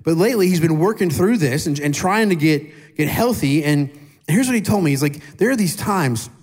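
Animated, chatty male pastor with a raised pitch. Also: normal speed. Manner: casual and animated, questions the congregation; self-deprecating humor. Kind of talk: conversational sermon.

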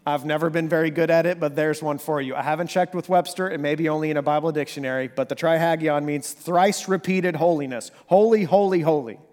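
A fairly high-voiced man delivers a sermon as a pastor, sliding from hushed, slow reflection to lively, emphatic bursts. His voice rings out with a long reverb tail, as in a church sanctuary. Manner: dynamic preaching, drops to near whisper then rises to animated emphasis.

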